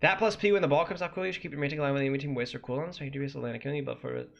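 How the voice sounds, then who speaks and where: A man's voice: on the high side, fairly even intonation, very fast, vocal fry, muffled recording. A man coaching as he reviews a gameplay guide on stream, ranting and critiquing with sudden incredulous outbursts.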